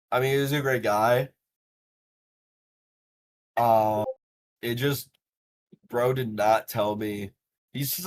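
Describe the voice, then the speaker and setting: A young man with a lowish voice tells tournament and bus stories in a loose, animated podcast chat, swearing freely and filling gaps with "like" and "uh". A faint rumble sits under the recording. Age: young adult. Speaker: podcast host. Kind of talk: casual podcast storytelling.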